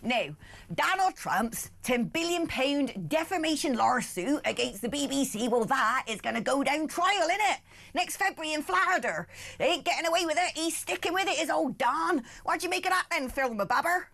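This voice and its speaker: A woman's voice: sits high, lively intonation, moderate pace, fairly bright tone. A woman putting on a broad West Country yokel. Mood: cheeky. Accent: exaggerated West Country. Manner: jokey, drawling, slangy.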